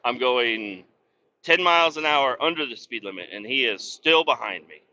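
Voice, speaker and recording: A man who hosts a podcast, ranting in a casual, profane, sarcastic way while he drives his truck down the highway. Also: lively intonation, normal speed, bright, forceful tone. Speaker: podcast host. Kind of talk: casual rant while driving. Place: inside a moving truck on the highway. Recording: dull lo-fi sound.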